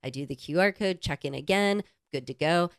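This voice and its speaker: A young adult woman co-hosting a podcast, telling a travel story in animated, casual chat and swearing freely. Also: sits low, brisk, no room sound, clean studio sound. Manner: animated storyteller who swears and acts out quotes. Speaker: podcast co-host.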